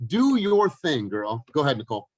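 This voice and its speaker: A man's voice: medium pitch, big pitch swings, moderate pace, dry recording. A man hosting a team video call, blunt and encouraging, with casual swearing. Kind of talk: motivational team talk.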